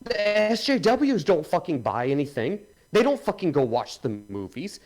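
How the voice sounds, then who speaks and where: A man's voice: high-pitched, very animated, moderate pace, a little mellow, soft background music, low-quality recording. A man co-hosting a livestream, delivering an angry, profane rant. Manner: angry, swearing, emphatic. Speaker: podcast co-host.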